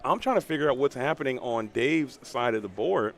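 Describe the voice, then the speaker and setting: A male caster calling a card game match at a rapid clip. His pitch leaps around constantly, excitable and joking as he breaks down each play. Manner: excitable, joking, quick-fire. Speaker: tournament commentator.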